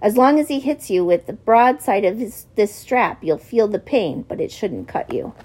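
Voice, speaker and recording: A woman's voice: medium pitch, animated, normal speed, darkish tone, breathy edge. A woman reading an audiobook, voicing a stern, harsh grown man who scolds his young prisoner. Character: gruff grown man, stern jailer, harsh but grudging.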